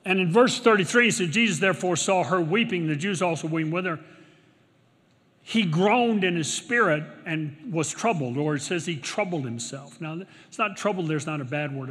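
An older man delivers a sermon from a church pulpit. His voice is bright and sits somewhat high for a man, rising to loud declarations and then dropping to near-murmured asides. Long reverb from the hall trails after each phrase. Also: husky. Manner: preaching with big swings from shouts to hushed murmurs. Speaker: pastor. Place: church sanctuary.

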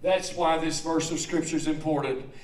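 A man preaching a sermon in a church, moving from low steady talk to loud joyful shouts. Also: normal speed, roomy sound, far from the mic. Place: church hall.

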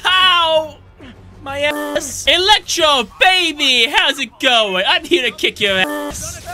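High, bright excitable gamer guy. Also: slow. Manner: excitable, shouts and jokes at enemies. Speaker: let's play gamer. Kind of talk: gameplay commentary. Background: game music.

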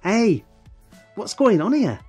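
A cheeky, nervous working-class lad, as a man voices him. His voice is pitched a bit higher than the storyteller's, brash on the surface but easily flustered. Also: sing-song, slow, mellow, slightly rough, soft background music, exaggerated voice. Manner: brash then flustered, talking to himself.

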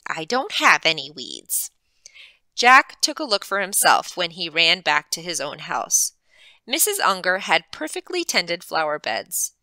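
A librarian reading a chapter aloud with expressive, animated narration, close to the mic. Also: female voice, fairly low pitch, unhurried, no room sound. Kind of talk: storybook read-aloud.

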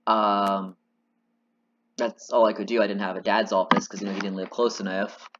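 A man's voice: fairly low pitch, flat delivery, brisk, muffled recording, noisy background. A man giving casual, rambling and self-deprecating commentary while playing a game. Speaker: let's play gamer. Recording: synth game music behind. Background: synthesizer music.

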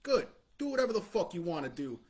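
A man preaches a profane street-style sermon in a swaggering mobster tough-guy manner. His voice sits high for a man, and his delivery is blunt and scornful, with chuckles between lines. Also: sing-song, quick pace, darkish tone, breathy edge.

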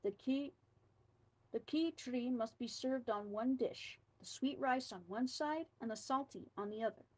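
A woman's voice: a little high, unhurried, poor audio. Woman reading a scary story aloud. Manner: dramatic storybook reading with quiet asides.

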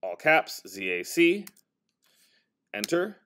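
A male teacher casually demonstrating software to a high school class, talking as he types and correcting himself along the way. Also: big pitch swings, slow, smooth. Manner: casual, talks while typing, self-correcting.

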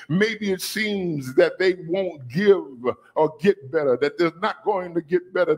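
A man preaching a sermon as bishop, calling on the congregation to repeat after him and rising to shouts. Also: sits high, breathy edge. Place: church sanctuary.

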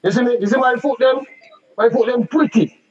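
A very high-pitched man in his forties with a Jamaican accent, boasting and cutting in during a heated debate. His voice comes through a slightly dull, lo-fi recording. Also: brisk, a little mellow. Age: 40s. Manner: boastful, talks over others in Patois.

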